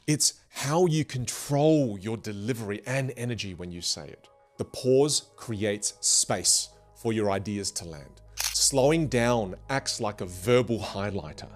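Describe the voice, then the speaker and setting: A man gives a motivational lesson on speaking clearly, his pitch rising and falling in lively swings. He slows down and pauses to make points land. Soft music plays faintly behind him. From grew up in a Vietnamese and Chinese culture. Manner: animated, demonstrates rambling and fast talk on purpose. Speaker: speaking coach.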